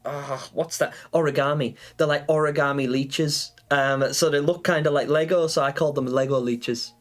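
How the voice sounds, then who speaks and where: On a gaming livestream, a man chats casually, rambling with plenty of fillers as he answers viewers. His voice sits a little high, with a steady tone and normal speed.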